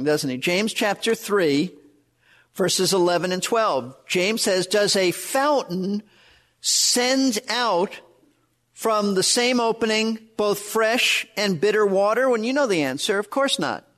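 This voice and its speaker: Guy preaching verse by verse, pretty high voice, earnest, hammers his points. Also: fairly bright tone. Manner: earnest preaching with repeated emphasis. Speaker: pastor. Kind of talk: verse-by-verse sermon.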